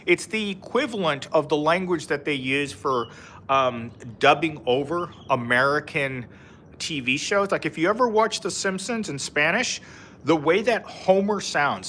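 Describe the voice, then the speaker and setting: A man's voice: a little high, bright, forceful tone, slight background noise. A man live-streaming outdoors, chatting casually with viewers and reading their comments, rambling with lots of fillers and frequent laughs. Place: outdoors in a park.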